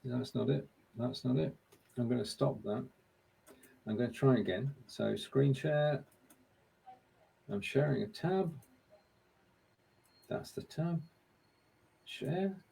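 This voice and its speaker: Gravelly, husky man hosting a quiz. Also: medium pitch, slow pace, pauses often, dark tone. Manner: fiddles with screen sharing while talking. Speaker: co-host running the quiz. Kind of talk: casual live-stream chat.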